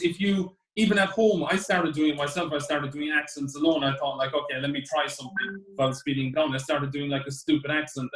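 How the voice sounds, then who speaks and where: A man co-hosting a casual chat, talking in a rambling, enthusiastic way. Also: fairly bright tone. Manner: rambling, enthusiastic, breaks into high laughs. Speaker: co-host. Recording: echoey room.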